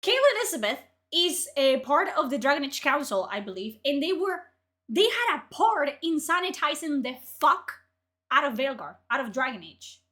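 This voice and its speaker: A woman's voice: high voice, big pitch swings, normal speed. A young woman, furiously ranting and swearing as she reacts to articles on her stream. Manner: furious, profane, shouting outbursts. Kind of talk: angry ranting commentary.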